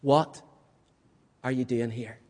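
A man preaching a sermon in a church, swinging from loud, vivid passages to hushed, almost whispered questions. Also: mid-range voice, steady tone, slow, in a large hall.

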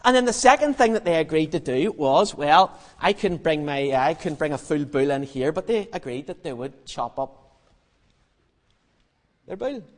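Lively preacher, high voice. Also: male voice, long reverb tail. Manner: lively, acts out the story, humorous. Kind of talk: animated storytelling sermon.

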